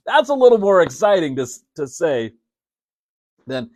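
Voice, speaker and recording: A man's voice: on the high side, very animated, unhurried, long pauses, no room sound, studio quality. A man hosting a live podcast, talking casually, laughing often and acting out mock announcements. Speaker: podcast host. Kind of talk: casual live-stream talk.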